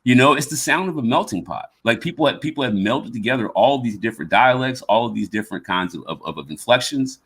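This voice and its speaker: Husky man with a slight Southern drawl. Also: medium pitch, lively intonation, quick pace, few pauses, a bit bright. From American South. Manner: rambling, repeats words while gathering thoughts. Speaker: podcast host. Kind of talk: casual conversation.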